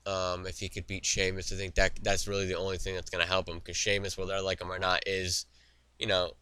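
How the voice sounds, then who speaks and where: A man's voice: sits low, completely flat delivery, a little fast, sharp tone, a little hiss or hum. A young man hosting a wrestling talk show, giving his opinions in a rambling, opinionated way with frequent fillers and restarts, recorded in a studio. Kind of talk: solo opinion commentary.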